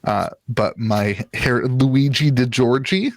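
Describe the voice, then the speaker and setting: A man's voice: mid-range voice, slow, no echo. A man from Ohio co-hosting a casual card game podcast, rambling with lots of fillers and jokes. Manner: rambling, filler-heavy, jokey. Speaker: podcast co-host. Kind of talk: casual chat about trading card games.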